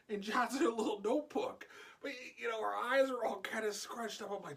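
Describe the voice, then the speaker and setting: A man vlogging a casual personal story, animated and acting out the dialogue. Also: high-pitched, a little fast, creaky, slightly rough.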